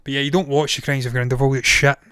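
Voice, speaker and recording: A man's voice: medium pitch, little pitch movement, fast, fairly bright tone, clean tone, dry recording, clean studio sound. A man in his thirties ranking films on a casual live stream, blunt and opinionated, swearing freely, his voice tired and strained after hours of talking. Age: 30s. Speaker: film reviewer and live-streamer.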